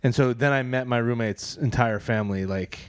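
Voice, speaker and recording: A man's voice: medium pitch, fairly quick, clear, resonant tone, no room sound. A man co-hosting a podcast, telling a personal anecdote in a casual comedic chat from a living room studio. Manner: anecdotal storytelling. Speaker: podcast co-host.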